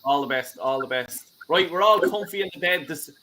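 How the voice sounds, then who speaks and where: Chatty host, high voice. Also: male voice, expressive, fairly quick, bright, forceful tone. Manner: chatty, thanking guests, rowdy banter. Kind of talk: live fan show hosting.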